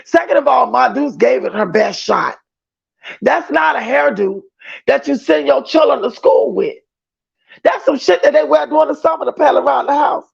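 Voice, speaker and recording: Gravelly high-voiced man streaming gossip. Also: normal speed. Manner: chatty, emphatic, addresses viewers as y'all. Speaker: livestream host. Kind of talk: livestream gossip commentary, reading chat aloud. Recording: dull lo-fi stream audio.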